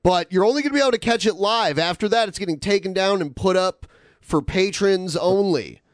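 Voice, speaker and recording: Smooth-voiced man hosting a chat show. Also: high voice, a little fast, no echo, studio quality. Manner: rambling, reads messages aloud with filler words. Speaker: podcast host. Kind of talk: casual chat, reading donations.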